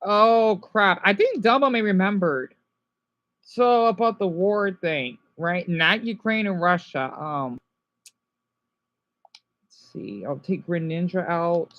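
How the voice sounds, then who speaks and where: A woman giving casual, rambling commentary while playing a video game, talking excitedly to her viewers. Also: on the low side, slow, pauses often, no echo, lo-fi sound. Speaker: gameplay commentator.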